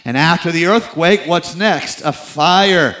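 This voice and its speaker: Higher-pitched man preaching a sermon. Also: takes it slowly, low-quality recording. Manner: preacherly, swings from loud emphatic peaks to low confiding asides; teasing, self-deprecating humor. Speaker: pastor.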